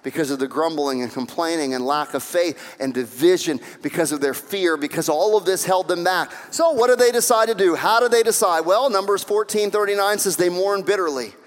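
A man's voice: sits high, a little fast, few pauses. A man preaching a sermon as pastor, acting out quoted voices and building to fervent emphasis. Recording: long hall reverb.

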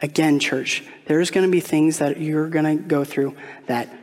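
A man's voice: fairly high pitch, fairly even intonation, normal speed, a little mellow. A man preaching a sermon as pastor, telling a personal story in a conversational way and putting questions straight to the congregation. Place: church sanctuary. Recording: long hall reverb, faint music behind.

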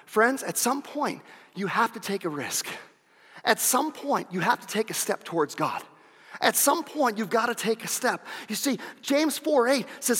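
Male pastor, very high bright voice, emphatic repeating delivery, long reverb of a church hall. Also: animated, normal speed. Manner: emphatic, repeats phrases for effect. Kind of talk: sermon.

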